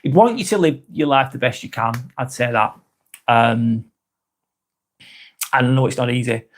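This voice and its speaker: A man's voice: mid-range voice, expressive, moderate pace. A man hosting a live vlog, talking frankly and earnestly, swearing often and restarting his sentences. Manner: earnest and sympathetic. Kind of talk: casual live-stream chat.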